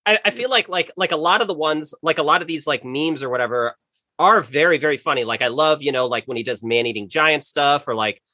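Bright, forceful man chatting casually. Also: fairly high pitch, a little fast, no echo, clean studio sound. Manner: rambling, full of "like" and restarts. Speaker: podcast guest. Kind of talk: casual podcast chat.

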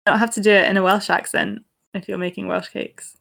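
A woman's voice: medium pitch, little pitch movement, brisk, gravelly, a bit bright. A woman co-hosting a podcast in a chatty, giggly, casual way. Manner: chatty and giggly, laughs often. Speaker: podcast co-host. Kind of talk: casual chat.

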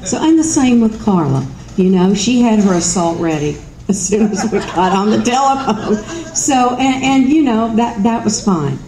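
A woman's voice: mid-range voice, expressive, moderate pace, a crowd in the background. A middle-aged woman with a Southern US accent gives a folksy, self-mocking storytelling speech at an event. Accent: Southern US, Kentucky. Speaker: speaker at an event. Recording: roomy hall sound with faint ambience.

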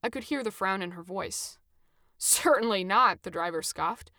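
A woman reading a first-person story aloud with an expressive, animated delivery. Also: on the low side, moderate pace, dry recording, studio quality.

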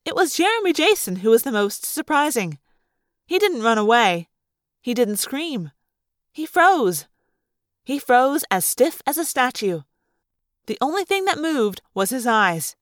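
An audiobook reader narrates a first-person novel with dramatic, animated delivery, her high-leaning voice swinging widely in pitch. The recording is dry and close, with no room sound or echo.

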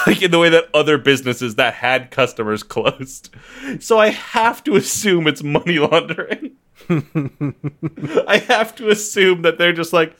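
A man's voice: fairly high pitch, expressive, unhurried, a bit bright. A young man co-hosting a podcast in casual comedic chat, loose and playful, laughing often. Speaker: podcast co-host.

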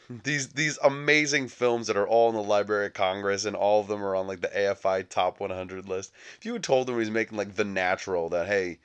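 A man's voice: low-pitched, a bit bright. A young adult man hosting a comedic movie podcast, riffing sarcastically and acting out little scenes. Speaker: podcast host.

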